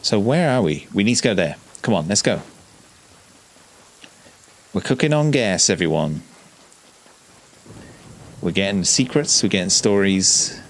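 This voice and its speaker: Deep, unhurried gamer. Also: male voice. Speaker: gaming video host. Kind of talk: relaxed let's-play commentary.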